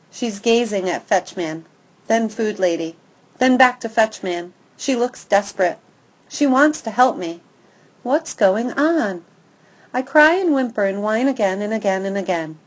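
A woman reading an audiobook aloud in the first person, with lively, expressive storytelling. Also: medium pitch, rough recording. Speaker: audiobook narrator.

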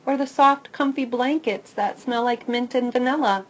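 A woman narrating a first-person children's story in a lively, expressive way. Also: sits high, moderate pace, muffled recording. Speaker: audiobook narrator.

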